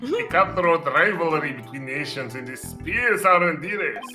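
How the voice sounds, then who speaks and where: A man's voice: high voice, big pitch swings, normal speed. A man from Poland voicing a proud male space center director in a fan voice-acting read of a game script, using a put-on Russian accent and a grandiose delivery. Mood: solemn. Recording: roomy echo with music behind.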